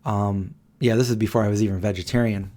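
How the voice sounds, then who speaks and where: Fast and mellow, a lowish male voice keeps a steady tone as a man in his forties rambles through a story on his live Q&A stream, using many fillers and restarts.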